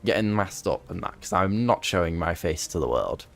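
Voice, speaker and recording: A young man with a deep, low voice chats loosely to his stream audience, wandering between asides and jokes at his own expense. His voice is prone to cracking, and faint music plays underneath. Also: lively intonation, gravelly, fairly bright tone. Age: young adult. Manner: rambling, self-mocking, quick asides to chat. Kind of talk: casual gaming stream chat.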